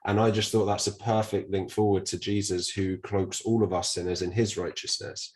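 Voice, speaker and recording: A man's voice: on the low side, little pitch movement, moderate pace, slight background noise. A British man co-hosting a casual Bible podcast, talking earnestly with a slight lisp from a mouth ulcer. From Britain. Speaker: podcast co-host.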